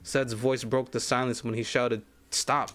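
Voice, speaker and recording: A man streaming a game, reading its story text aloud in a measured, grave way that sometimes drops to a hush. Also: medium pitch, flat delivery. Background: faint game music.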